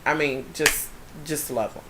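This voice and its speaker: A woman's voice: low-pitched, a little slow, sharp tone, a little hiss or hum. A woman vlogging casually to her viewers, chatty and rambling, often trailing off and calling them y'all. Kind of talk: casual chat to camera.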